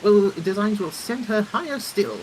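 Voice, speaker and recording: A man's voice: high voice, lively intonation, normal speed, slight background noise, voice pushed up, poor audio. A man voicing an eager, formal male airship engineer with a put-on accent in a game read-along. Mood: proud. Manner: formal, eager and a bit pompous.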